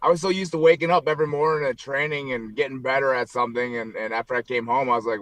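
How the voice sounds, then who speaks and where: A man's voice: medium pitch, steady tone, quick pace, a bit bright, dry recording. A man talking as a radio guest, upbeat and jokey as he tells stories in casual chat. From United States.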